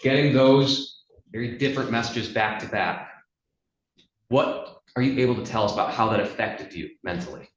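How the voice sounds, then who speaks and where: A man examining a witness in court, asking measured questions and reading out text messages, heard over a video call. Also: medium pitch. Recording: roomy, dull video-call audio.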